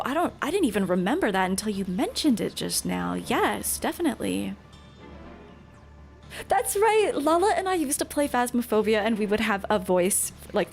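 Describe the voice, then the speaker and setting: Woman from Canada, game streamer, chatty, answers chat, middle pitch, faint music behind. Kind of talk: live gameplay commentary.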